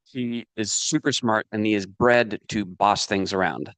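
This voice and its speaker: A man teaching a business course in a casual, animated way, often checking in with the listener. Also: on the low side, unhurried, no echo. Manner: animated, asks "does that make sense" and "right" often; acts out inner voices and his dog.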